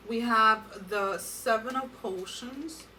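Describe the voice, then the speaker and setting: Woman doing a tarot reading, bright sharp voice, kinda far from the mic, talks right at you. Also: on the high side, slow, a little hiss or hum. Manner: earnest, addresses viewers directly with advice. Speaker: tarot reader. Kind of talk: tarot card reading to viewers.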